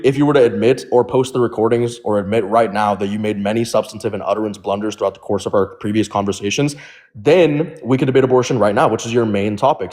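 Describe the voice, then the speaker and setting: A man's voice: medium pitch, darkish tone. A man speaking as a debater in an online debate, combative and lecturing as he challenges his opponent.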